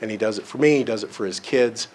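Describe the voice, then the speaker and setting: A presenter on relationships and counseling speaks live in a conference room, conversational and often checking in with listeners, using homely examples and self-deprecating humor. His voice is fairly low and a little mellow, his pace quick, with a little hiss or hum in the recording.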